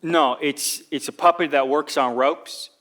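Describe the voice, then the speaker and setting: A poor young drifter, played by a man on a theatre stage, telling his hard-times story in earnest, folksy speech with rustic grammar. His voice is fairly high and bright. The monologue is delivered with plain, sincere stage presence. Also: fairly even intonation, unhurried, slight background noise.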